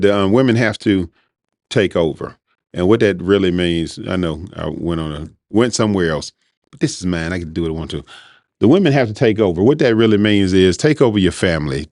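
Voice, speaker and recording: Low-voiced man rambling casually. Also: darkish tone, dry recording, clean studio sound. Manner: rambling, conversational, informal speech. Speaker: podcast host. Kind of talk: casual monologue.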